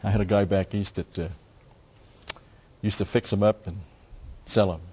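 An older man leading an informal Bible study in a rambling, folksy way, slowing down and raising his voice to read verses aloud. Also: on the low side, steady tone, dark tone, husky, lo-fi sound. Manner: rambling, folksy, with many digressions and "uh" fillers.

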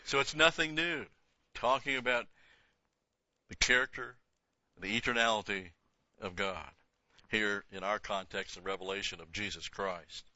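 A Bible teacher with a lower-pitched, strikingly bright and forceful voice reads Scripture aloud with rising emphasis, then explains it in plain, casual asides. He speaks at a moderate pace with long pauses. The recording is dry and close, though slightly dull.

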